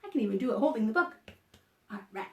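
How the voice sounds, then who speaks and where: A woman librarian reading picture books aloud to young children in an online storytime, animated and encouraging, gasping in surprise and inviting them to join in. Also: a little high, fast talker, lo-fi sound, a little hiss or hum. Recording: roomy echo.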